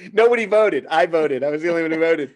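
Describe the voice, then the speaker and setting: A man's voice: on the high side, expressive, moderate pace. A middle-aged man hosting a podcast and telling stand-up stories in a rambling, joking way. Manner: rambling, joking, many fillers. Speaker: podcast host and stand-up comic. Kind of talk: casual chat and storytelling.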